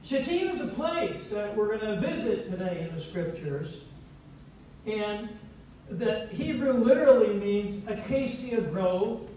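A man's voice: high voice, animated, a little slow, warm tone, slight background noise. A man preaching a sermon as pastor, playful and teacherly, coaxing his congregation to repeat words after him. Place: church sanctuary. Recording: very echoey church, distant from mic.

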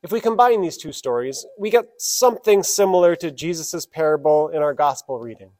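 Fairly high-voiced male preacher. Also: animated, brisk, darkish tone. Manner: storytelling, then reverent prayer. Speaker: pastor. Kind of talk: sermon.

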